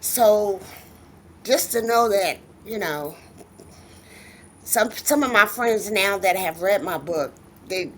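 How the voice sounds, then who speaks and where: A woman's voice: medium pitch, expressive, slow pace, long pauses, a bit bright, a little hiss or hum. A middle-aged woman, a guest author, telling stories in a casual interview and acting out the voices of the people she quotes.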